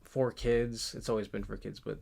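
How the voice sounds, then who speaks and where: A man in his twenties chatting casually in a vlog, rambling and halting with lots of fillers and restarts. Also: on the low side, little pitch movement, creaky, a little mellow. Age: 20s. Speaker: channel host. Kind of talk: casual movie collection vlog.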